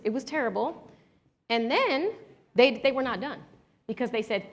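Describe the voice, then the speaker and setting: A woman's voice: fairly high pitch, fairly quick. Chatty woman leading a breathing workshop. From Washington, D.C. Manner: lively, chatty, addresses the audience with "y'all"; guides breathing exercises step by step. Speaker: workshop leader. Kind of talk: live workshop talk with a story.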